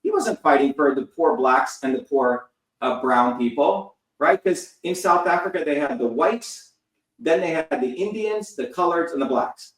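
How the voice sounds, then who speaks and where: A man's voice: a little high, animated, moderate pace, a bit bright. Man in his fifties, interview guest, fiery and profane, lectures hard; echoey room, heard from a distance. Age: 50s. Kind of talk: heated interview talk. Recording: roomy sound, distant from the mic.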